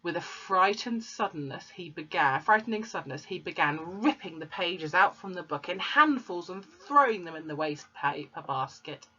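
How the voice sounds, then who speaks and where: A woman reads a storybook to children, stopping to explain pictures and words. Her voice is lowish, bright and husky. The recording is dull and lo-fi. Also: expressive, moderate pace, few pauses. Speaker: teacher reading aloud.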